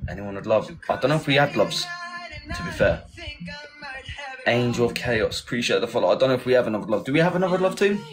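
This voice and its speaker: A man's voice: medium pitch, animated, very fast, hardly any pauses, poor audio. Chatty man hosting a live stream. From England. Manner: chatty, thanks viewers, rallies team. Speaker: livestream host. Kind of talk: casual live-stream chat. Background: loud music.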